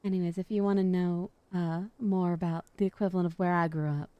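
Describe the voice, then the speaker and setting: A woman's voice: lowish voice, fairly even intonation, brisk, smooth, dry recording, lo-fi sound. A woman streamer chatting casually and playfully while reading through a game, sometimes whining in mock pleading. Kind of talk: casual livestream chat while reading a visual novel.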